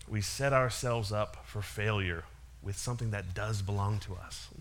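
A man's voice: fairly low pitch, a little slow. A man giving a casual sermon, retelling a parable with frequent small laughs and restarts. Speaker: preacher.

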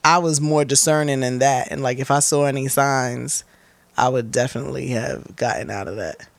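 A young woman, a guest in an interview, talks candidly and bluntly with profanity, acting out quotes as she tells her stories. Her voice is bass with vocal fry, at a normal speed, in a dry recording.

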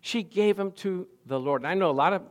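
A middle-aged man preaches with animated energy, rising from hushed asides to loud, emphatic declarations. His voice sits a touch higher than most men's, and he keeps putting questions to his listeners. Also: brisk. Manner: animated preaching, swinging from quiet to loud, asks the congregation questions. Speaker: pastor. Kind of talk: sermon.

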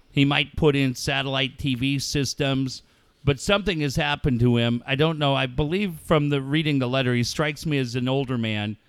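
A man's voice: medium pitch, clear, resonant tone, no room sound. A man co-hosting a talk show, casually joking and reading mock fan letters for sponsors. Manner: jokey, reads mock fan letters aloud. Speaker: radio show co-host.

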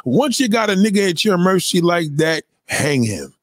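Profane animated male livestream host. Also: high voice, normal speed, no room sound, studio quality. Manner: profane, animated, acts out quoted voices. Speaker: live stream host. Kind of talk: casual livestream rant.

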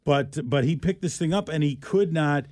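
A man's voice: a little high, moderate pace, darkish tone, dry recording. Joking talk-radio man, dry close mic. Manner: rambling, restarts often, joking. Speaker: radio show co-host. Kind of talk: casual talk radio banter.

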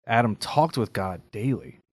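A man's voice: lowish voice, expressive, moderate pace, husky, no room sound. Guy co-hosting a faith podcast, earnest and reflective, keeps asking "right?", dry close mic sound. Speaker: podcast co-host. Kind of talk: casual faith podcast chat.

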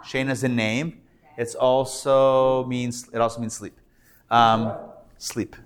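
A middle-aged man teaches a live class as a rabbi. He speaks at an unhurried pace, sounding out each syllable patiently, and keeps checking that his students are following. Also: mid-range voice, flat delivery. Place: classroom before a live audience.

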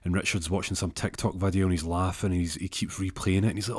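A man spins a comic story, rambling and restarting as he goes. His voice sits low. The sound is dry and close, with no room around it. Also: fast talker, few pauses, husky, dry recording. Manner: rambling, many restarts and fillers.

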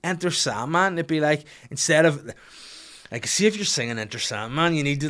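A man's voice: medium pitch, fairly quick, fairly bright tone. A man hosting a podcast, delivering a sardonic, profane comedic rant. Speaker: podcast host.

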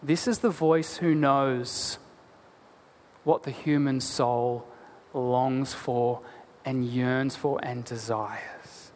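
A man preaching a sermon as a pastor, earnest and deliberate, asking rhetorical questions. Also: medium pitch, fairly even intonation, a little mellow. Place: church. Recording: long church hall reverb.

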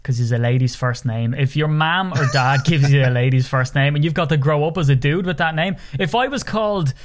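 A man's voice: a little high, brisk, slight background noise. An Irish man hosting a casual podcast chat, joking and playful, swearing freely. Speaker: podcast host.

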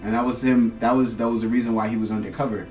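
A man performing improv comedy as a guest actor, telling the scene in a rambling, halting way. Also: medium pitch, level tone, a little mellow, roomy sound, distant mic, soft background music.

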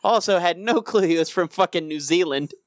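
A man's voice: sits high, brisk, no echo, clean studio sound. A man co-hosting a podcast, rambling and self-deprecating in casual banter, with plenty of swearing. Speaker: podcast co-host.

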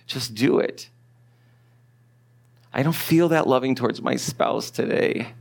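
A man preaching a sermon as pastor, talking in a relaxed conversational way and putting questions to his listeners. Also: medium pitch, slow pace, vocal fry, pauses often. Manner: conversational, asks the congregation questions.

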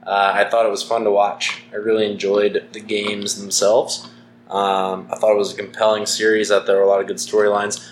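A man's voice: on the low side, monotone, a little fast. A young man from Saskatchewan with a Canadian accent, co-hosting a podcast in casual chat, opinionated and dryly joking, with many ums. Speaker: podcast co-host. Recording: echoey room with faint noise.

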